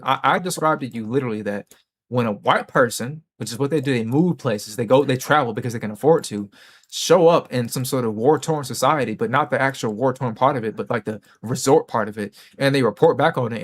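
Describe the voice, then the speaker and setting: A man hosting a late-night livestream, ranting casually and profanely, often mocking people in a put-on voice. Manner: profane, mocking, puts on high mock voices. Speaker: livestream host.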